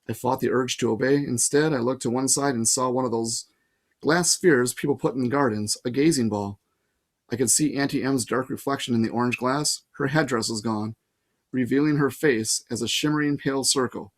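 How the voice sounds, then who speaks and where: A man reading a novel aloud in a casual way, pausing to add his own comments. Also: medium pitch. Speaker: reader. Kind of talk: audiobook reading with asides.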